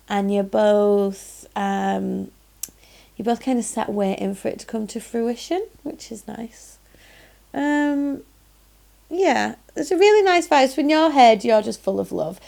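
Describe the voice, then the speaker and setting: Woman, Yorkshire accent, tarot reader, chatty and gushing, higher voice, gravelly fry. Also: a little mellow. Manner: chatty and effusive, frequent "um"s and "lovely". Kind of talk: casual pick-a-card tarot reading.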